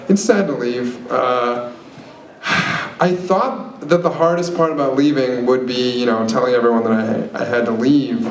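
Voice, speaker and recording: A young man performing a stand-up set at an open mic, rambling and self-deprecating with lots of fillers. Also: medium pitch. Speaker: stand-up comic. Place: open mic comedy venue. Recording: echoey room, noisy live venue.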